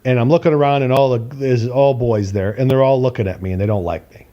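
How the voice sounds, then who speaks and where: A man's voice: medium pitch, quick pace, muffled recording. A man co-hosting a podcast, telling a casual story animatedly, acting out voices and swearing now and then. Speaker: podcast co-host.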